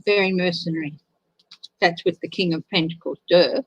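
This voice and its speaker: A woman's voice: fairly low pitch, steady tone, normal speed, breathy edge, dry recording, lo-fi sound. A woman giving a casual live tarot reading, chatty and openly emotional as she answers viewers. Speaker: tarot reader.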